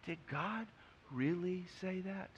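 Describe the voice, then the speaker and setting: Man, pastor, fairly high voice, casual sermon. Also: slow, a little hiss or hum. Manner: conversational preaching, acts out quotes.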